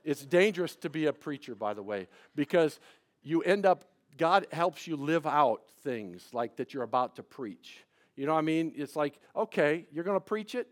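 Male pastor with a high voice, preaching with conversational stories and emphatic points. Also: lively intonation, normal speed. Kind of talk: sermon.

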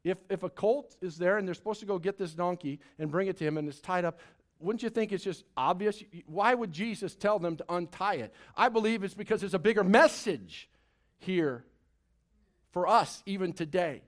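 High-voiced man preaching with dramatic swings. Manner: expressive preaching, big swings in loudness and pitch, drawn-out dramatic phrases; playful asides to the congregation. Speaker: pastor. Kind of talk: sermon. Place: church service before a congregation.

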